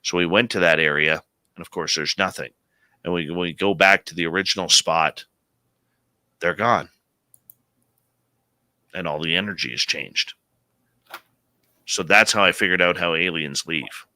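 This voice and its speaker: A man in his late forties hosting a live radio show, telling a story in an animated, conversational way. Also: low voice, a little slow, long pauses, dry recording. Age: late 40s.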